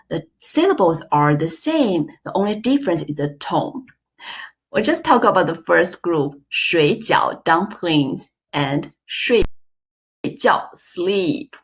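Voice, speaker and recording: A woman teaching an online lesson, slow and clear, with playful examples. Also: fairly low pitch, animated. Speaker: Chinese teacher.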